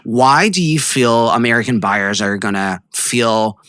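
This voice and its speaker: A man from Israel hosting a casual business podcast, speaking haltingly with many ums while asking questions. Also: mid-range voice, expressive, a bit bright, smooth, dry recording, studio quality. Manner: hesitant, many ums, asks questions slowly. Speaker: podcast host.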